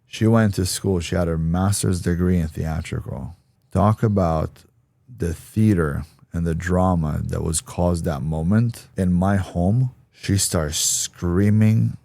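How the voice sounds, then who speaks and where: Man, interview guest, candid storytelling, deep voice, dry recording. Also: takes it slowly, vocal fry, no room sound. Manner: blunt, animated, acts out quoted voices.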